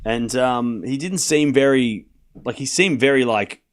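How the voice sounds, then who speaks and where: A man's voice: mid-range voice, moderate pace. A young man hosting a live tennis watchalong, chatting casually with his stream chat and calling the score in a rambling way. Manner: chatty, rambling, with fillers and restarts.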